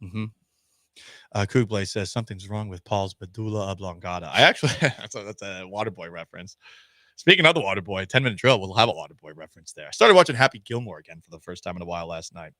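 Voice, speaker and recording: A man hosting a sports talk radio show, animated and joking in a rapid-fire way. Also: on the low side, dry recording. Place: radio studio.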